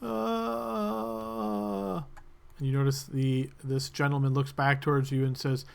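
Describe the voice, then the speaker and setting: A man's voice: mid-range voice, completely flat delivery, a little fast. A man narrating a tabletop game as game master, describing loosely with many fillers.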